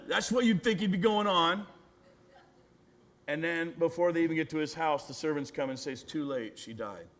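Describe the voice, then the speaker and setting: A man, a pastor, preaching a storytelling sermon, acting out quoted voices and often adding "right?", sometimes dropping to a hushed, gentle voice. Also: a little high. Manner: drops to a hushed, gentle voice for tender moments.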